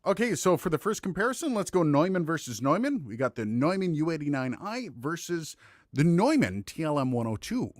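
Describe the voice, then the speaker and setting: Guy reviewing mics, really animated pitch, dead dry sound, jokey asides. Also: a little fast, no room sound. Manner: lively, joking asides. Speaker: microphone reviewer. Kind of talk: casual tech demo. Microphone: studio condenser mic.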